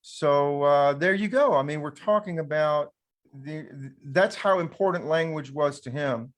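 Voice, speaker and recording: A man's voice: a little high, measured pace. Talkative man leading a panel. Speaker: pastor and panel host. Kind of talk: casual panel discussion.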